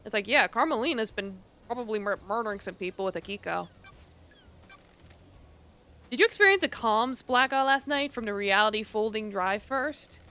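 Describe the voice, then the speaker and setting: Bright-voiced woman streamer reading game lines. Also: a little high, lively intonation, moderate pace. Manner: reads game dialogue aloud with offhand asides and swearing. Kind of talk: casual gameplay commentary, reading dialogue aloud.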